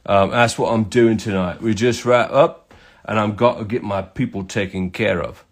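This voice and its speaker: A man putting on a rough London English accent to voice a cagey male stranger at a bar. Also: fairly low pitch, normal speed, close to an everyday voice. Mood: offhand. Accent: put-on London English accent.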